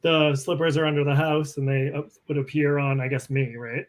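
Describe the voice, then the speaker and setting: A man as interview guest, answering quietly with short, agreeing remarks. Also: fairly high pitch, level tone, brisk. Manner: quiet, brief agreeing replies. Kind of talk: casual chat.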